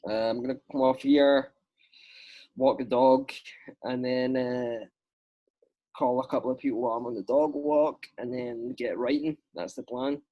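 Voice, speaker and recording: A man's voice: medium pitch, steady tone, unhurried, dull audio. A man with a Scottish accent, a podcast guest and writer, chatting casually and rambling with lots of filler words. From Scotland. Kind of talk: casual chat.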